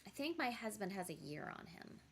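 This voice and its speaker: A woman guest on a livestream tells stories in a playful, joking way. Her voice sits at a middle pitch and her talk stays casual. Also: big pitch swings, brisk, vocal fry, slight background noise. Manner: playful, jokey storyteller. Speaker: guest streamer.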